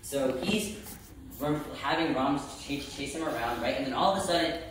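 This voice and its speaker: A man's voice: mid-range voice, moderate pace. Young man telling a story in an echoey hall. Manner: chatty, tags lines with "right?", frequent restarts. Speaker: storyteller at a student festival event. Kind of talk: casual live storytelling. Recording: echoey room, distant mic, background noise.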